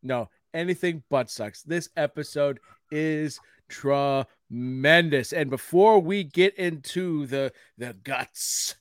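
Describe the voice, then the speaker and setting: A man in his forties chats on a podcast in a slightly high voice. He is excitable and playful and laughs often. The recording is dry and close. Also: takes it slowly, hardly any pauses, dry recording. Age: 40s. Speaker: podcast co-host. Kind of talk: casual podcast chat.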